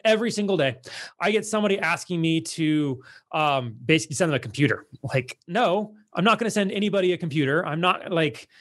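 A man's voice: a little high, expressive, a little fast, a bit bright. A man speaking to his followers in a blunt, exasperated monologue, full of filler words and repeated refusals. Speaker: online content creator.

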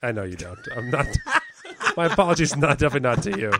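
A man's voice: a little high, very animated, quick pace, background noise. A man co-hosting a comedy podcast, casually telling a long joke as a story. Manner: storyteller, many fillers and restarts. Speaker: podcast co-host.

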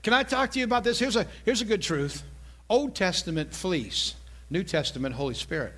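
High-voiced preacher, chatty. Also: male voice, big pitch swings, brisk, fairly bright tone. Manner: conversational, jokey, asks the congregation questions. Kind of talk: sermon.

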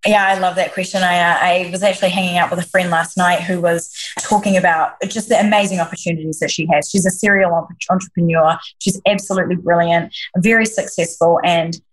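A woman's voice: lowish voice, fairly even intonation, fairly quick, hardly any pauses, rough recording. A woman who works as a leadership coach, answering interview questions in an earnest, reflective way, often restarting her sentences. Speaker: leadership coach, podcast guest.

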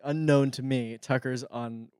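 A man's voice: mid-range voice, fairly even intonation, a little slow, darkish tone, clean tone, no room sound, studio quality. A young man co-hosting a podcast, joking loosely and laughing a lot in casual chat. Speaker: podcast co-host.

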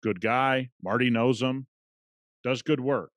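A man's voice: medium pitch, slow, a bit bright, no room sound, clean studio sound. A man hosting a podcast, telling a story in a conversational, emphatic way. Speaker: podcast host. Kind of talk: casual podcast monologue.

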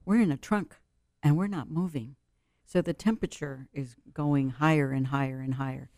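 A woman's voice: low-pitched, normal speed, dark tone, dry recording, clean studio sound. A middle-aged woman telling a personal story as an interview guest, earnest and vivid, building tension through repetition.

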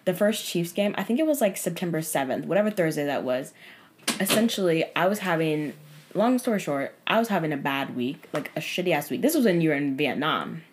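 Young woman w a low voice, swears a lot, rambling dating story on a podcast. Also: brisk, slight background noise. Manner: profane, animated retelling with many fillers. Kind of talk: casual storytelling chat.

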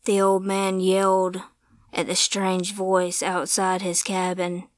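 A woman narrating a scripted ghost story in a slow, measured storytelling manner, sometimes dropping to a hush. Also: mid-range voice, monotone, dry recording.

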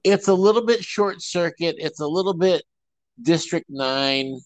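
A man's voice: fairly high pitch, measured pace, no room sound. A man co-hosting a casual comedy podcast, riffing and joking. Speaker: podcast co-host.

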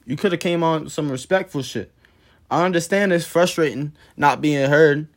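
A man's voice: fairly high pitch, moderate pace. A man hosting a podcast, telling a story in a blunt, profane, heated way. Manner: blunt, profane, heated retelling of a work dispute. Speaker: podcast host. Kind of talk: casual storytelling monologue.

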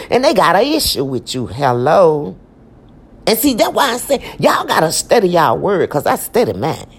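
Husky, animated woman preaching. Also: medium pitch. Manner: animated, emphatic, repeats phrases. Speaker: preacher teaching scripture. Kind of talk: informal Bible teaching.

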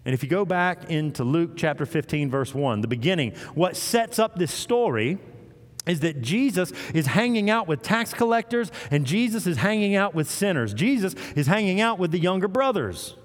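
A man preaching a sermon in a church, retelling a parable and acting out its voices with animated storytelling. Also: sits high, normal speed. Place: church sanctuary. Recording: long hall reverb.

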